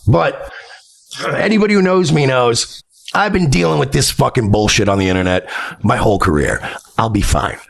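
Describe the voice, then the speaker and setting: A man with a gravelly, creaky voice vents bitterly on his livestream. His pitch swings widely as he swears through the story, sitting a little higher than most men's. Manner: bitter, venting, swearing freely. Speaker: streamer host. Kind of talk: emotional livestream monologue.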